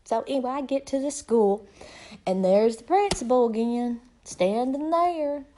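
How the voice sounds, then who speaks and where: Middle-aged woman, slightly high voice, folksy rambling storyteller. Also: animated, measured pace, dark tone, a little hiss or hum. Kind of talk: casual comedic storytelling monologue.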